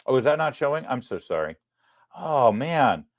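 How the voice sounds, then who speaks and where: A man hosting a live political commentary show, talking in a sarcastic, emphatic way with quick apologetic asides. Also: mid-range voice, big pitch swings, no room sound. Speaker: host.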